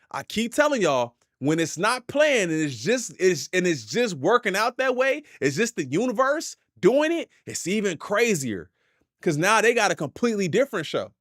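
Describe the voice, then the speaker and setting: A man hosting a reaction stream, chatting casually and cutting in with quick asides. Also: high-pitched, dry recording, clean studio sound. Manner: lively, talks over clips with quick asides. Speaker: host reacting to clips. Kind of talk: casual chat.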